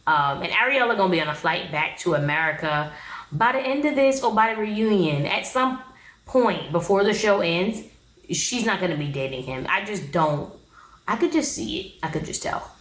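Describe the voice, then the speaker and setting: A woman's voice: on the low side, expressive, normal speed, a bit bright, roomy sound, rough recording. A woman giving a casual, blunt, sassy recap of a reality show, talking straight to her viewers.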